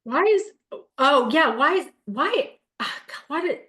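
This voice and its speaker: A woman's voice: high-pitched, expressive, measured pace, bright, forceful tone. A woman helping run an online class, flustered and apologetic.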